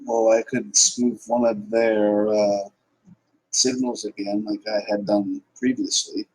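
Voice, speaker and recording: A man playing a tabletop game, offering calm, somewhat hesitant suggestions. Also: on the low side, slow, low-quality recording. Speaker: player. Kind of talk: casual tabletop game talk.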